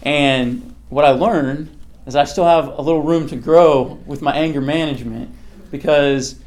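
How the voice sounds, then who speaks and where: A man's voice: on the high side, fairly even intonation, a little slow, darkish tone. A young man teaching a casual youth sermon, talking conversationally, quizzing his listeners and leaning on fillers like "okay" and "like". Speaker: youth pastor.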